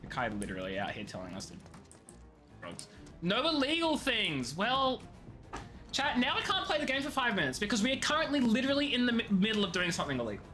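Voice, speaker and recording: A man, chatting casually while streaming a game, excitable and quick to laugh. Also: high voice, soft background music. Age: 20s. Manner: excitable, laughs often, rambling restarts. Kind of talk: casual gameplay chat.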